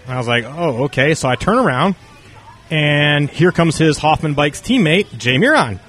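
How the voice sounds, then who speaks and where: An interview guest from North Carolina with a voice on the high side speaks at a moderate pace. He tells long stories in casual conversation, animatedly acting out the dialogue of the people he describes.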